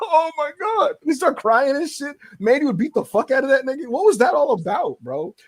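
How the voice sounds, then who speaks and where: A man co-hosting a casual podcast chat, animated and laughing, swearing freely. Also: very high voice, fairly quick, dry recording. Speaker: podcast co-host.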